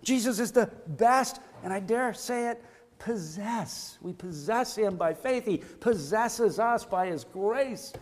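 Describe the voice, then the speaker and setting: High-voiced man preaching in a reverberant hall. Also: lively intonation, takes it slowly. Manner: fervent preaching with repeated phrases and rising emphasis. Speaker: pastor. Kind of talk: sermon. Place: church sanctuary. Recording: long reverb of a church hall.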